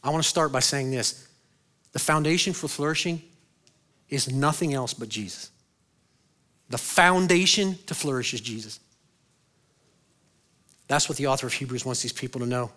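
Bright-voiced preaching male pastor. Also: normal speed, long pauses. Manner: dynamic preaching, swings from loud and high to quiet and low; asks the congregation questions and answers them himself. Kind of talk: sermon.

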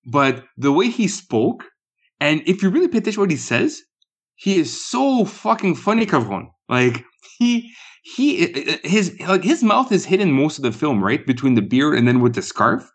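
A man's voice: fairly high pitch, very animated, moderate pace, slightly rough. A man co-hosting a film podcast, chatting casually and animatedly, chuckling as he quotes scenes. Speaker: podcast co-host. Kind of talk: casual movie review chat.

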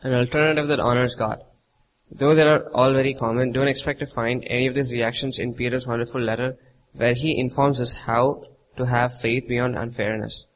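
A preacher reading a sermon text aloud with a measured, even delivery. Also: male voice, mid-range voice, a little hiss or hum, poor audio.

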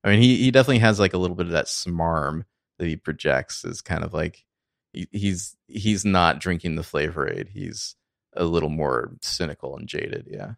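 A man's voice: sits low, moderate pace, gravelly, dry recording, studio quality. A man co-hosting a podcast, talking through movie picks in hesitant, filler-heavy casual chat. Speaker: podcast co-host.

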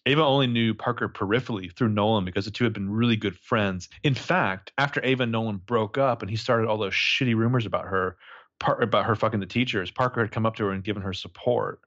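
A man co-hosting a casual podcast recap of a novel, animated and swooping into high voices when quoting characters. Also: fast, no room sound, highs cut off. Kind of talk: casual chat.

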